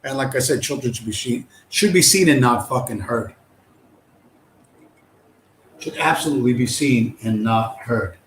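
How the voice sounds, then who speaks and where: A man's voice: medium pitch, normal speed, long pauses, slight background noise. A man hosting a livestream, ranting in a profane, scornful and combative way. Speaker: livestream host. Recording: roomy echo.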